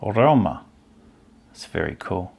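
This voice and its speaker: A man's voice: sits low, very animated, slow pace, creaky, a little mellow, husky. A man hosting a stamp collecting channel, chatting casually and musing aloud as he pages through an old album, easily delighted by what he finds. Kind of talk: casual chat while browsing an album.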